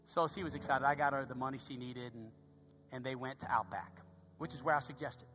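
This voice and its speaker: A pastor preaching a sermon in church, telling a story with passion and swinging from hushed asides to loud, emphatic peaks. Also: male voice, medium pitch, fairly even intonation, brisk.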